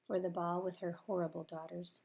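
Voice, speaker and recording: A woman narrating a children's storybook in a clear, expressive read-aloud manner. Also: fairly low pitch, normal speed.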